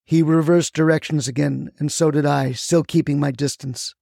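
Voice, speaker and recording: A man's voice: fairly high pitch, steady tone, moderate pace, gravelly, few pauses, mellow, no echo, clean studio sound. A man narrating a first-person story in a scripted, wry storytelling manner.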